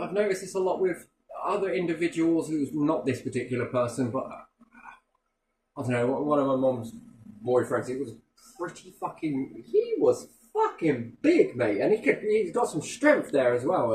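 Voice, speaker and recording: A man's voice: a little high, animated, normal speed, darkish tone, a little hiss or hum. A man telling stories in casual chat, blunt and full of swearing, acting out what others said. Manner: blunt, heavy swearing, acts out quoted voices. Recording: echoey room.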